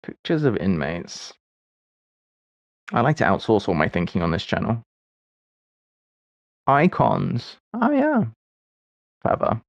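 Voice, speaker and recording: Gravelly man in his forties, thinking aloud. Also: lowish voice, sing-song, measured pace, pauses often, no room sound, lo-fi sound. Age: 40s. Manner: muses aloud while solving puzzles; wry and self-deprecating. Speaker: streamer. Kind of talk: casual livestream chat.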